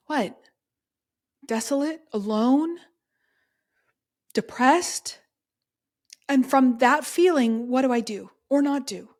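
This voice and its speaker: A young woman with a fairly high voice hosts a solo podcast in a candid, chatty way. She coaches her listeners directly and keeps checking in with them as she goes. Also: darkish tone. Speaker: podcast host. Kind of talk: casual solo podcast talk.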